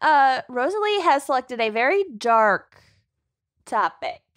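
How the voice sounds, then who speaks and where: A woman's voice: high-pitched, big pitch swings, unhurried, dry recording, clean studio sound. A woman co-hosting a podcast, chatting casually and giggling as she introduces the show. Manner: giggly, reads the intro with playful stumbles. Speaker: podcast co-host. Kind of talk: casual chat.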